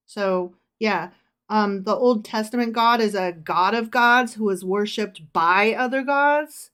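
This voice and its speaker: A woman's voice: mid-range voice, slow, a bit bright, clean tone. A woman co-hosting a casual podcast, quizzing her husband with teasing, profane banter and reading verses aloud. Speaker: podcast co-host.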